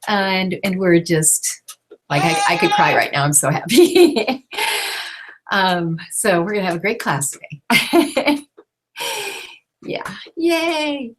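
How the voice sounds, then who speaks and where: Gentle, chatty woman leading an online class, voice with lively melody. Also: lowish voice, takes it slowly. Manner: gentle, chatty, breaks off to soothe a baby. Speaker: class teacher. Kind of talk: casual live online class instruction. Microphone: call microphone.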